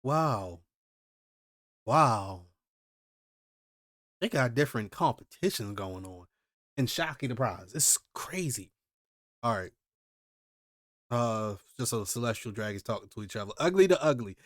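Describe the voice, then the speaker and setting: A man hosting a live manga reaction, reading the pages aloud and reacting with loud, slangy exclamations. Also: on the low side, measured pace, long pauses, dry recording, studio quality. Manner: animated, exclaiming, slangy commentary.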